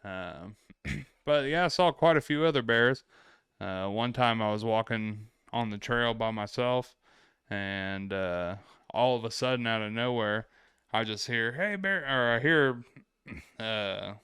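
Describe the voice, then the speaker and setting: Bright, clear-voiced man telling travel stories. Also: on the low side, a little slow, no echo, studio quality. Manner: laid-back, rambling, swears freely. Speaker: vlog host. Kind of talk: casual travel storytelling.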